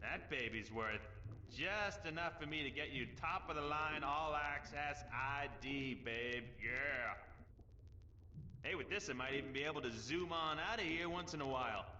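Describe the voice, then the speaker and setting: An actor playing a streetwise male fixer who talks fast and slangy, flirting as he bargains. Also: a little high, bright, forceful tone. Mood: cocky. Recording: dull, echoey, distant, faint hiss.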